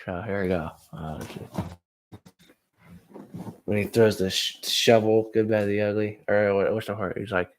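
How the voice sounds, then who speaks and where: Young male comic streamer, low voice, rambling, crude, self-deprecating chat. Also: steady tone, a little slow, long pauses. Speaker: comedian streamer. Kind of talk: casual live-stream chat.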